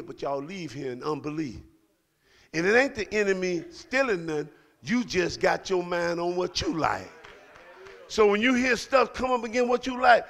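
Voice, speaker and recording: A middle-aged man preaching a sermon to his congregation, building into shouted calls to the church. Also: sits high, vocal fry. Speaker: pastor. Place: church sanctuary.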